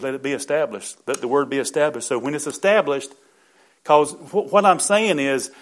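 A middle-aged man preaching a sermon as pastor, fervent, peppering his talk with amens and building to loud emphatic bursts. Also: a little high.

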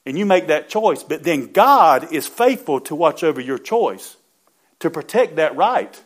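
A man's voice: fairly high pitch, sing-song, a little slow. Fervent preacher man. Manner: fervent preaching with frequent amens, rising to loud emphatic bursts. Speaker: pastor. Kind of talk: sermon.

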